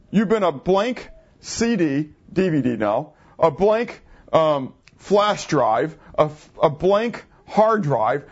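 A man in his fifties delivers a conversational sermon with a slightly higher voice than most men. He keeps throwing rhetorical questions at his listeners and answering them himself. The recording is muffled and lo-fi. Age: 50s. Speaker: pastor.

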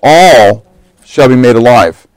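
A man preaches a sermon filled with humorous stories, acting out the voices of the people in them. His mid-range voice takes its time, and the recording is dry and of poor quality.

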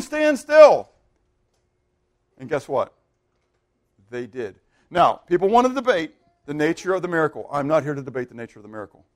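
A pastor preaching a sermon, animated and questioning his congregation, swinging between loud emphasis and hushed asides. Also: fairly high pitch.

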